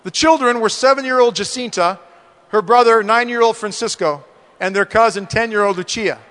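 Middle-aged male speaker, earnest sermon-style storyteller, high voice, reverberant hall. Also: moderate pace, fairly bright tone. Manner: earnest storytelling, addresses the men directly. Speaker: speaker at a men's conference.

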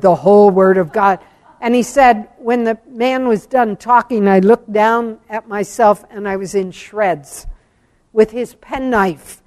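A religious sister giving an earnest spiritual talk, telling a story with slow, emphatic phrases. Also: female voice, a little high, a little mellow, big-room sound. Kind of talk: sermon-style talk on scripture.

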